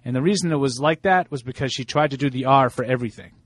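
A man's voice: medium pitch, fast, no echo. A man with a Boston accent co-hosting a sports radio show, chatty and self-deprecating, often repeating words as he thinks. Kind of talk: casual sports talk.

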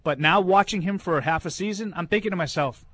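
A man on a sports talk show, debating casually, with halting restarts that turn into emphatic points. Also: high-pitched, a bit bright, no echo. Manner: hesitant restarts, then emphatic.

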